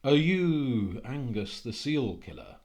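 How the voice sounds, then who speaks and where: A handsome, wealthy stranger, played by a male storyteller, with a foreign accent that is hard to place. He speaks slowly, with courtly insistence. The voice is a little higher than the narrator's own. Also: very animated, darkish tone. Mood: persuasive. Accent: put-on unplaceable foreign accent. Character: handsome, rich young stranger, insistent and smooth.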